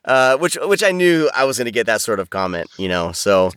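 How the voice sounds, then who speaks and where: A man's voice: mid-range voice, big pitch swings, brisk, a bit bright. A man talking casually as a podcast guest, rambling with many restarts and fillers over a video call. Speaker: audiobook narrator, podcast guest.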